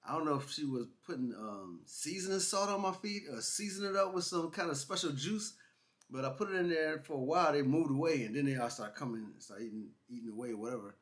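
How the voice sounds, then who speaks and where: A man co-hosting a couple's vlog, telling a funny travel story in a casual, animated way and acting out what people said. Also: on the high side, quick pace. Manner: animated, laughing, imitates others in quotes. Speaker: vlog co-host.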